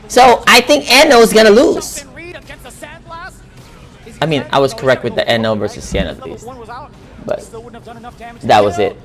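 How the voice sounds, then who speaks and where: Excitable, profane male streamer. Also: medium pitch. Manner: excitable, profane, repeats himself, yells at plays. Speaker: streamer co-watching a fighting game tournament. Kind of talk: live stream reaction chat.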